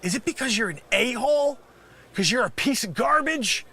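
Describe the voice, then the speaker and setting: Man doing a loudmouth scam caller, very high voice, bright and ringing, lively swings, insulting and yelling. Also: normal speed, gravelly, slightly rough, heavily acted. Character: brash male scam caller posing as Microsoft. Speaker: comedy sketch performer. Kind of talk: improvised comedy sketch.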